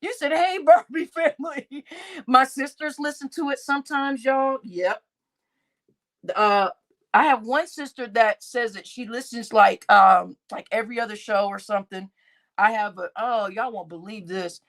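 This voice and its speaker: A woman's voice: fairly high pitch, normal speed, fairly bright tone. A middle-aged woman chatting on a live stream, reading out chat names, laughing often and swearing freely.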